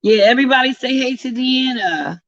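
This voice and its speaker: A woman's voice: high voice, moderate pace, fairly bright tone, no room sound. A woman chatting casually on a live stream, greeting viewers by name. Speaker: livestream host. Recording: dull, slightly lo-fi sound.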